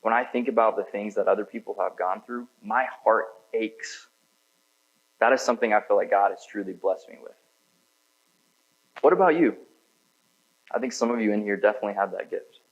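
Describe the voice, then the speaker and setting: A man with a fairly low voice preaches a sermon in a church, chatting casually rather than declaiming. His talk is loose and peppered with fillers. The recording sounds dull and lo-fi. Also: brisk, pauses often, slightly rough. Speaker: pastor.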